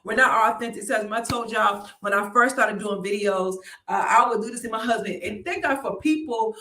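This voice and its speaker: This woman's live online show features her giving a motivational talk, chatty and lively, frequently addressing viewers with "y'all" and "right?". She speaks briskly in a fairly high voice, captured with a roomy sound from a distance.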